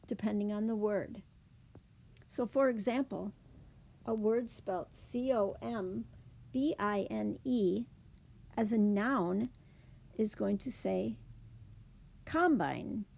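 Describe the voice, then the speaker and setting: A woman teaching a slide presentation lesson, explaining slowly and carefully. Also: medium pitch, vocal fry, warm tone, slightly rough. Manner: slow, careful, deliberate explanation.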